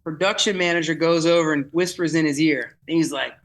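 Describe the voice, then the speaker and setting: Excitable man telling a festival story. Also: a little high, a little fast, low-quality recording. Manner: vivid, excitable retelling with frequent restarts. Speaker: festival producer guest. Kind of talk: animated storytelling in podcast chat.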